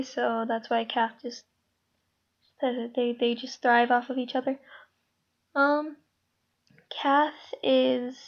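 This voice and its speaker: Rambling woman, flat and lo-fi. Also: high-pitched. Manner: rambling, with many ums and trailing asides. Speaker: creator running a casting call. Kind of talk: casual explanation to viewers. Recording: dull lo-fi home mic.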